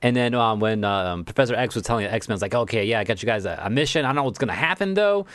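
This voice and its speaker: A man's voice: fairly low pitch, animated, rapid-fire, a bit bright, dry recording, studio quality. A man co-hosting a casual podcast, rambling through stories, laughing often and swearing freely. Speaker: podcast co-host. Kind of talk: casual chat.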